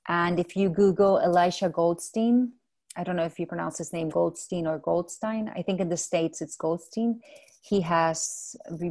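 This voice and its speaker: A woman whose first language is Spanish, chatting gently in an interview about mindfulness, pausing often to correct herself. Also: deep voice, vocal fry. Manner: thoughtful, self-correcting, gentle. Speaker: guest, mindfulness mentor. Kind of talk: casual interview chat.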